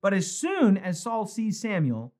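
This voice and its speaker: A man's voice: high voice, a little slow. A man teaching a Bible study as a pastor, conversational and emphatic, with repeated phrases for emphasis, recorded for a live stream. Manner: animated, conversational, emphatic repetition. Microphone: phone or webcam for a live stream.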